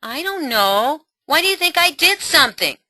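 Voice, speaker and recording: A woman's voice: sits high, big pitch swings, moderate pace, pushed and bright, no echo, voice pushed up, heavily acted. A woman playing a defensive teenage daughter. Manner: whiny, pleading. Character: upset teenage girl, defensive and hurt.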